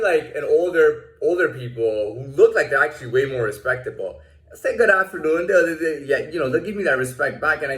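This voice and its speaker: A man ranting casually about a personal run-in, swearing freely, restarting sentences and acting out what others said. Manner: profane, rambling, many restarts, acts out quotes in a higher voice. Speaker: vlogger telling a personal story. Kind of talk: casual rant. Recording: echoey room.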